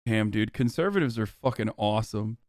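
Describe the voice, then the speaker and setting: A man's voice: fairly low pitch, lively intonation, a little fast, darkish tone, no room sound, studio quality. A man giving casual live-stream commentary, blunt and offhand and swearing freely, into a desk microphone. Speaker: livestreamer.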